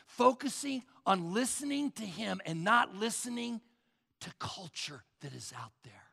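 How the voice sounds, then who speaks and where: Male pastor, sermon delivery: high bright gravelly voice, loud-to-whisper dynamics, long reverb of a church hall. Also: expressive, unhurried. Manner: preaching with dramatic swings from loud calls to hushed near-whispers.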